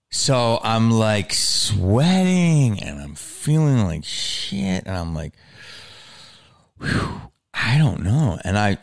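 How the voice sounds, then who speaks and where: Animated man telling a crude story. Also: low-pitched. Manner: animated, swears, lots of "like" fillers. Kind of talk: casual storytelling.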